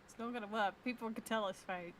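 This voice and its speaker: A woman co-hosting a casual stream, blunt and teasing with crude humor. Her voice is a touch high and bright, with faint noise behind it. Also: steady tone, fast. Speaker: livestream co-host. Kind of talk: casual livestream chat.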